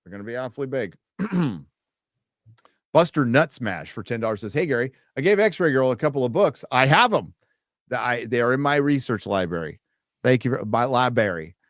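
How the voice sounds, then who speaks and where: A man's voice: medium pitch, lively intonation, a little fast, no echo. Brief: male stream host, casual and profane, reads donation messages aloud, dry close sound. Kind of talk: casual live stream chat.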